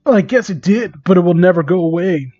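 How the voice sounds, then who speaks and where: A man voicing a brooding young male hedgehog hero with a dark side, in a low, menacing murmur, recorded on a dull, dry home mic. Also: expressive, brisk, no room sound, soft background music.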